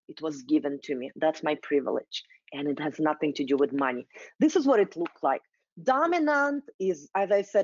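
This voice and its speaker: A woman with a Russian accent, a culture consultant giving an animated presentation, slowing down for emphasis and acting out quoted voices. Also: medium pitch, dry recording, dull audio. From Soviet Union, Russia. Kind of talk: presentation talk.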